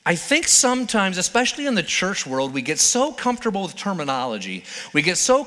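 Bright, high-voiced male preacher in a hall. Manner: storytelling, playful, conversational. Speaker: pastor. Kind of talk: sermon.

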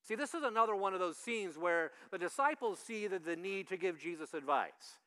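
A man with a fairly high, bright, ringing voice delivers a sermon as pastor. He keeps it conversational and keeps questioning the congregation. He acts out the people he quotes with loud shouts. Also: lively intonation, normal speed, clear, resonant tone.

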